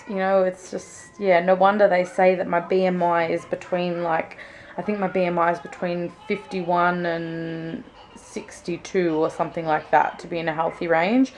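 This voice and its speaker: A woman's voice: on the low side, flat delivery, normal speed, slight background noise. A young woman with an Australian accent, chatting casually to camera in a rambling, um-filled way. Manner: chatty, rambling storytelling with frequent ums. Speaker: vlogger. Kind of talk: casual chat.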